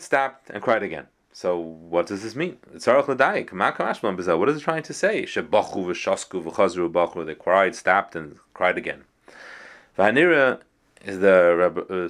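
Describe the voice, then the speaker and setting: A man's voice: mid-range voice, fairly bright tone. A man giving a Torah lecture, quoting Hebrew texts and explaining them in English, with frequent fillers. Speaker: Torah teacher.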